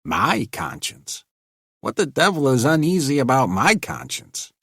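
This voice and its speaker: A man's voice: mid-range voice, huge pitch swings, a little slow, creaky, fairly bright tone, slightly rough, no echo, studio quality, voice pushed up, full character voice. A man voicing an eager, incredulous young stage technician.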